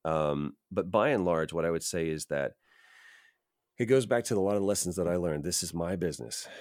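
A man's voice: low-pitched, animated, fairly quick, darkish tone, no room sound, clean studio sound. A man, a voice actor and podcast guest, talking earnestly and reflectively as he gives advice. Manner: earnest, emphatic, advice-giving. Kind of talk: reflective interview talk.

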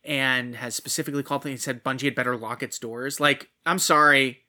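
A man's voice: mid-range voice, fairly even intonation, fairly quick, bright, forceful tone. A man co-hosting a casual gaming news podcast, profane and punchy, reading stories and quotes aloud. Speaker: podcast co-host.

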